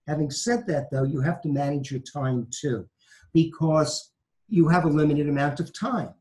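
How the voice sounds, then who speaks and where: A man's voice: fairly high pitch, normal speed, mellow, low-quality recording. A man from New York with a light Brooklyn accent, a law professor giving emphatic advice and repeating his key phrases. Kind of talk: conversational advice talk.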